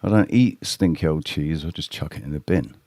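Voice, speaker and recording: A man's voice: extremely low pitch, fairly quick, darkish tone, dry recording, clean studio sound. A man chatting casually on a live stream, rambling and blunt, swearing freely and talking straight to his viewers. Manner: addresses chat viewers directly. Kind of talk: casual livestream chat with viewers.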